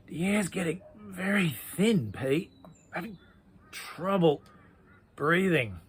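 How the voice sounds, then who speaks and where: A man's voice: very animated, slow, slightly rough, full character voice. A man voicing a timid, fretful male pea who panics and whines, in a storybook reading. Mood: worried. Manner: panicky, whiny, high-strung.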